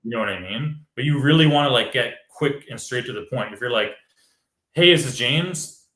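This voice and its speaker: A man's voice: mid-range voice, a little fast, fairly bright tone, echoey room. A man, a real estate wholesaler, explaining step by step in casual chat and acting out sample phone calls.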